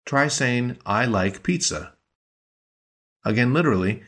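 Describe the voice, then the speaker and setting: Man, podcast language teacher, lowish voice, clear patient explaining. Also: expressive, moderate pace. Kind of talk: scripted language lesson.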